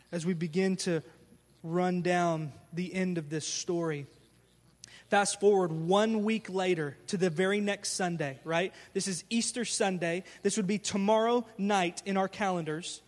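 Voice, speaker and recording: High-voiced animated male pastor. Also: measured pace, in a large hall. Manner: animated storytelling, acting out scenes with casual slang. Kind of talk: sermon.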